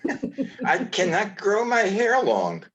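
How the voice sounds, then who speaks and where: An older man from New York with a Brooklyn accent, hosting a casual chat and telling stories in a rambling, halting way with many restarts. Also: sits high, huge pitch swings, a bit bright, dull audio. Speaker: host.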